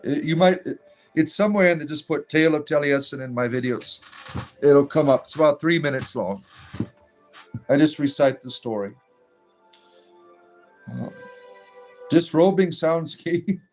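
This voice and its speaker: This livestream host, a man whose voice is a little high and darkish, plays a druid bard in a relaxed stream. He jokes with chat, responds to their messages, and offers blessings to viewers.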